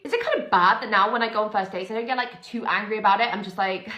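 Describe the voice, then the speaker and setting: A woman talks to her viewers in a chatty, self-mocking storytime monologue. Her mid-pitched voice rings in an echoey room. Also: quick pace, hardly any pauses, pushed and bright.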